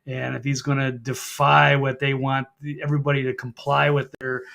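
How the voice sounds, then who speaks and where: A man's voice: mid-range voice, flat delivery, moderate pace, creaky, a bit bright. Easygoing, hesitant male journalist guest. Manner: easygoing, hesitant, trailing off often. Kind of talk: casual talk show discussion.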